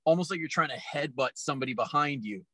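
A podcast host chats in an easygoing way, his voice bright and sharp-edged. The sound is dry and close, and he dots his talk with "like". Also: fairly high pitch, fast talker, no room sound. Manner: easygoing, relaxed phrasing with "like" fillers. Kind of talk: casual podcast chat.

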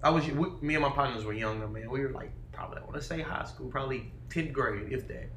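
A man chatting as a podcast guest, telling stories in an animated, loud and profane way. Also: medium pitch, fast talker. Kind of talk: casual chat. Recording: echoey room, faint noise.

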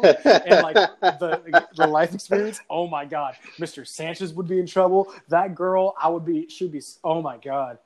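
A young man casually telling a profane high school story, animated and swearing, often laughing through his lines. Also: moderate pace, hardly any pauses. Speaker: podcast guest telling a story.

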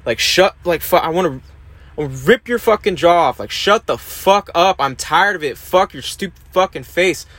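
A man's voice: mid-range voice, fairly even intonation, moderate pace, creaky, long pauses, no room sound, lightly acted. A man acting out a hostile male inner critic voice that taunts and swears at him. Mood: enraged. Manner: swearing, taunting, rising to a shout.

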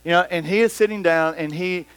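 Preacher guy, high voice, super lively, dry close mic sound. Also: brisk, smooth, no echo. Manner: animated, rambling, acts out scenes. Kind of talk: sermon. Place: church hall with about a hundred people. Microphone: microphone.

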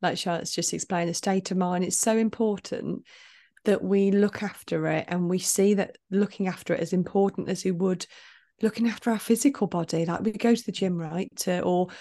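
A woman's voice: on the low side, fairly even intonation, normal speed, dark tone. A young adult woman co-hosting a podcast, chatty and encouraging, laughing often and out of breath. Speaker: podcast co-host. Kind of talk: casual podcast chat.

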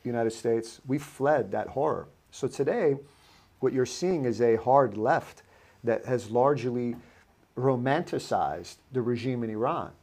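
A man hosting a casual podcast, talking in halting bursts with frequent restarts. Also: medium pitch, mellow. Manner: halting, restarts his sentences. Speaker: podcast host.

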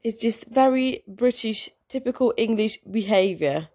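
A woman's voice: fairly high pitch, expressive, a little slow, mellow. A woman hosting her own podcast, telling an everyday story in a chatty, rambling way that wanders off and circles back. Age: adult, in a long-term relationship. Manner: rambling, chatty, self-interrupting. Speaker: podcast host. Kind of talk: casual solo podcast storytelling.

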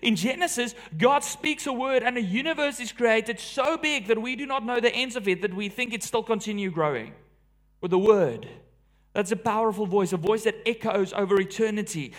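A man preaching a sermon, dynamic and emphatic, swinging between forceful declarations and hushed, near-whispered passages. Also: sits high, moderate pace.

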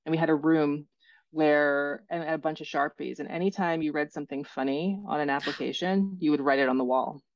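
Woman, author guest, low voice, relaxed storytelling, muffled lo-fi sound. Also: brisk, no echo. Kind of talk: casual podcast conversation. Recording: dull, dry lo-fi audio.

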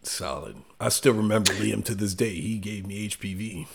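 A man's voice: lowish voice, normal speed, creaky. A man joking crudely as a podcast guest host, drawling and tacking "man" onto his lines. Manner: drawling, says "man" constantly, crude jokes. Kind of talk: crude comic banter.

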